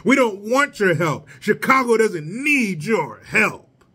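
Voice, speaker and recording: A man's voice: high-pitched, sing-song, slow pace, bright, forceful tone, breathy edge, heavily acted. A man voicing a haughty city official who scolds and refuses help. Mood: indignant. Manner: huffy, scolding.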